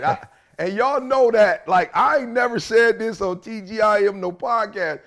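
A man co-hosting a podcast, telling animated stories in casual slang. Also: high voice, normal speed. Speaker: podcast co-host. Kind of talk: casual chat.

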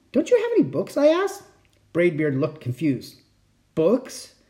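A man reading a children's picture book aloud as a bedtime story, in an expressive storytelling manner. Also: fairly high pitch. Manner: expressive, animated.

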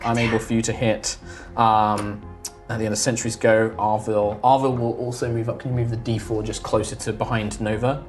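A man narrating as game master of a tabletop game, telling the action in a relaxed way full of fillers. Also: fairly low pitch, moderate pace, soft background music. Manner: relaxed, filler-heavy storytelling.

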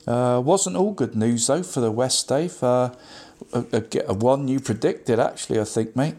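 A man's voice: mid-range voice, normal speed, a little mellow. A man giving a casual local football results roundup, constantly saying "mate" with frequent ums and restarts.

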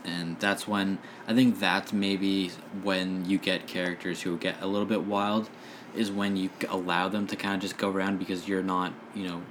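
Man, very low voice, monotone, rambling casual chat, faint hiss behind. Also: moderate pace. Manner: relaxed, rambling with fillers. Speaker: dungeon master.

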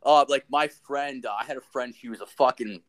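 Young guy host, swears nonstop, rambling animated anecdotes, mid-pitched. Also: brisk. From Ontario, Canada. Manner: profane, rambling, animated storyteller. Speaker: podcast host. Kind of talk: casual storytelling chat.

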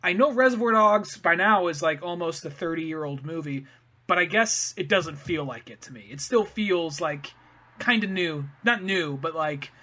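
A man's voice: fairly high pitch, moderate pace, bright, forceful tone. A man co-hosting a podcast in casual chat, loose and rambling as he retells scenes. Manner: loose, rambling, trails off and restarts. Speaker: podcast co-host.

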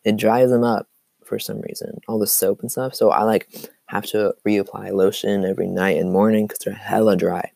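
A man's voice: lowish voice, little pitch movement, moderate pace, creaky, warm tone, dry recording. A teenage boy hosting a casual solo podcast, rambling with lots of "like" and "um", his voice cracking through a cough. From Seattle area. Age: teens. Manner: rambling, full of "like" and "um". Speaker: podcast host.

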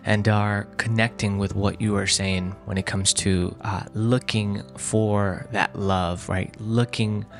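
A man interviewing a guest, asking slow, measured questions. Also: fairly low pitch, fairly even intonation, gravelly, faint music behind.

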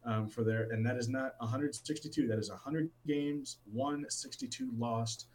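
A man's voice: mid-range voice, normal speed, slight background noise, poor audio. A man co-hosting a casual sports talk show, enthusiastic and rambling, with plenty of restarts. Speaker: sports podcast co-host.

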